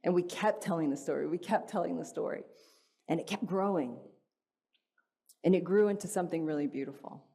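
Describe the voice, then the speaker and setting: A woman with a fairly low voice speaks at a church gathering, sharing a personal story as an inspirational talk. She keeps it casual and playful and keeps turning to the room with questions. Her voice comes through a clip-on mic. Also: a little fast, vocal fry, long pauses, husky. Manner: conversational, asks the audience questions often; animated and playful, acts out a dialogue with her child. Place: stage in a church hall before an audience.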